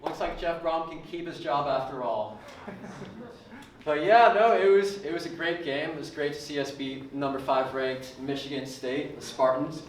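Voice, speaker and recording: A young man tells stand-up stories in a chatty, halting way at mid pitch. He sounds some distance from the mic in an echoey room. A faint hiss sits underneath. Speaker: stand-up comedian. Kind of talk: stand-up comedy set.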